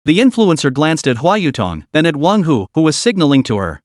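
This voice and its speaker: Expressive male storyteller. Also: on the high side, a little fast, hardly any pauses, no echo, studio quality. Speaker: narrator. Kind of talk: scripted comic-story narration.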